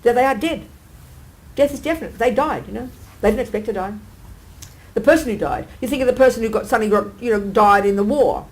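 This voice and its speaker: A nun giving a dharma teaching in a blunt, emphatic, colloquial way, full of rhetorical questions. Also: female voice, a little high, brisk, low-quality recording. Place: meditation centre teaching hall.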